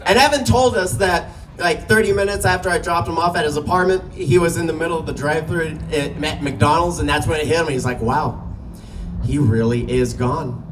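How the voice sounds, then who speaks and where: A man performing stand-up, rambling through a crude story and chuckling at his own jokes. His voice sits on the high side. The mic picks him up from some distance, with a faint hiss of noise behind him. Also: steady tone, a little fast, few pauses. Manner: loose storytelling, profane, laughing at own jokes. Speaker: stand-up comic. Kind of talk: stand-up comedy set. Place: small comedy venue.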